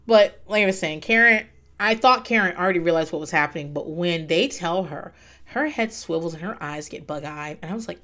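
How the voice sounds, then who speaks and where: A woman's voice: fairly low pitch, a little fast, a bit bright. A woman recapping a reality show in a casual, blunt monologue, swearing freely and laughing often.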